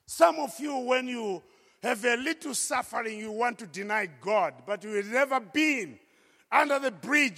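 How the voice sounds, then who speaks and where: A man with a strikingly high, gravelly voice tells his own story to an audience as a testimony. He speaks emphatically and at times breaks into a shout. His words ring out with the long reverb of a large hall. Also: measured pace. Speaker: speaker giving a personal testimony.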